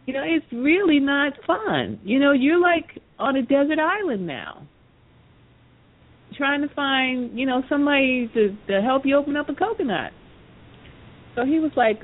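A woman's voice: normal speed, breathy edge. A woman hosting a talk show, telling a story casually and acting out the voices of the people in it, with lots of fillers. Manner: animated storyteller, acts out quoted voices, many fillers. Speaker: podcast host. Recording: tinny phone-line audio with faint rumble.

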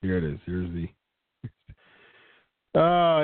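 Man with a slightly high voice on a tinny line. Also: lively intonation, unhurried, dry recording. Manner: repeats words and restarts sentences often; opinionated, conversational. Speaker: podcast host. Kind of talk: casual wrestling commentary answering live chat. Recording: tinny phone-like line, dry.

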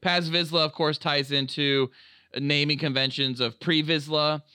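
An excitable man on a podcast, swearing as he piles up fan trivia. His voice is bright and crisp, sitting a little high for a man. The sound is close and dry. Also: a little slow, dry recording. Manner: excitable, swears freely, rattles off fan lore. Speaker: podcast co-host. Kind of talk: casual podcast chat.

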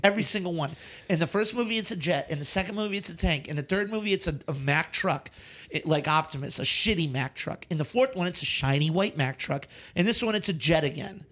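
A man co-hosting a casual movie podcast, ranting with animated exasperation and frequent swearing. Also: fairly high pitch, quick pace. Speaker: podcast co-host.

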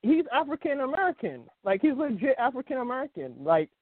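A man's voice: very high-pitched, sing-song, brisk, no room sound. A man hosting a casual sports talk show, rambling with many fillers and restarts. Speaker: podcast host. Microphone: phone call. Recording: tinny phone line, dry.

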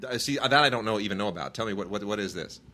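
A man's voice: on the low side, expressive, racing, bright, forceful tone. A man in his thirties, a podcast co-host, chatting casually about movies and rambling with many restarts. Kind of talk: casual chat reviewing movies.

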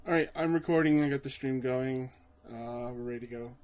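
A man hosting a casual gaming podcast with friends, talking in a relaxed, drawn-out way. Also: mid-range voice. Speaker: podcast host.

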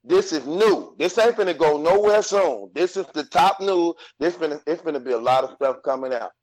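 A man's voice: a little high, animated, normal speed, darkish tone, low-quality recording. Insistent man with a raised voice. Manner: insistent, teasing, repeats himself for emphasis. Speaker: podcast co-host. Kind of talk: casual chat about battle rap.

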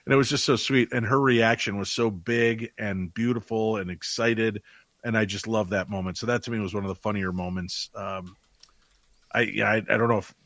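A man with a low, dry-sounding voice tells anecdotes casually. He jumps into high, excited voices whenever he quotes someone, then drops back down. The sound is close and dry. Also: moderate pace, dry recording. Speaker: paranormal investigator guest.

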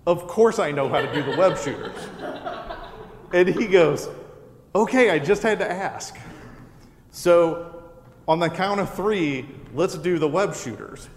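A man's voice: a little high, lively intonation, unhurried, a little hiss or hum. A man hosting a live show, telling a funny personal story to an audience with laughter in his voice. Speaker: podcast host. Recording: echoey hall with a live audience.

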